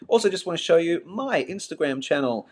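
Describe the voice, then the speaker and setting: A man's voice: a little high, expressive, a little fast. Aussie guy from melbourne, mild accent, middle-aged, chatty live stream host riffing with viewers. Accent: Melbourne Australian, mild. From Australia. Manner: chatty, self-mocking, talks straight to viewers. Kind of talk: casual live-stream chat.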